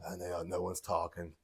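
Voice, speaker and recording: A man, co-hosting a podcast in casual chat and telling stories with lots of laughter. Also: deep voice. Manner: animated storytelling, laughs often. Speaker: podcast co-host.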